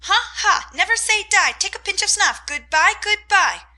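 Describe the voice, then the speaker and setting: Woman doing a shrill, screeching parrot. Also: expressive, normal speed, pushed and bright, exaggerated voice. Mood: squawking. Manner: shrill squawking cries. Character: squawking rude male pet parrot.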